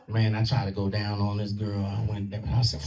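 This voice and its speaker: A man's voice: on the low side, monotone, fairly quick. A man in his thirties doing a loose, profane stand-up set with crude punchlines. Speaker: stand-up comedian. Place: comedy club stage with a live audience. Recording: distant mic in a loud crowded club. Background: audience laughter and clapping.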